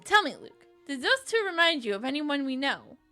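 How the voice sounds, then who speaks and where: Woman voicing a polite gentleman professor, formal, measured, bright tone. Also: high-pitched, sing-song, soft background music, heavily acted. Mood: courteous.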